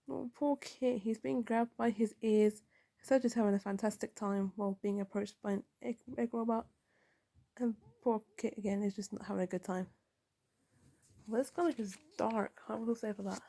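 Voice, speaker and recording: A woman's voice: fairly high pitch, steady tone, normal speed, creaky, warm tone. A woman giving a casual comic book review, recapping the panels and reading the dialogue aloud.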